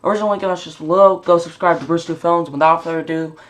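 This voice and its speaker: A reaction video host giving casual commentary with chatty, quick asides. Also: medium pitch, fairly even intonation, fairly bright tone, a little hiss or hum.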